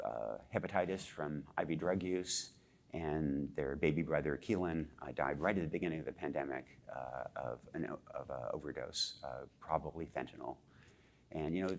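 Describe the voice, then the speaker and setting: A man, a journalist on a discussion panel, speaking haltingly with many filler sounds as he builds up his argument. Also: extremely low pitch, vocal fry.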